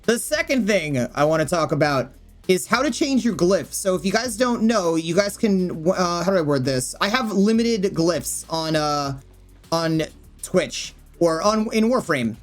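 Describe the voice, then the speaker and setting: A woman's voice: fairly low pitch, animated, moderate pace, faint music behind. A woman streamer walking viewers through game settings in a rambling, casual way, often thinking aloud with fillers. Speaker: gaming streamer and YouTuber.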